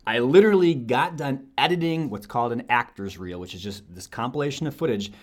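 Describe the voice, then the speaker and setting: A young adult man from Wisconsin, an actor talking about his career in an animated, relaxed interview. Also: medium pitch, fairly quick. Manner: animated, switches into playful accents. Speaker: actor, podcast guest.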